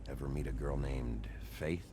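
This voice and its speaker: An actor playing a gruff, weary male sheriff detective in a video game, questioning people bluntly. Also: a bass voice, steady tone, normal speed. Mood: probing. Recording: game audio over ambient noise.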